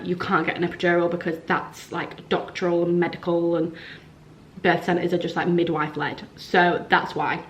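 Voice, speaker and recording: Young woman, vlogger, slightly low voice, chatty storytelling with lots of "like". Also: dull audio. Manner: chatty, frequent "like", acts out quoted dialogue. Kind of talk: casual storytelling to camera.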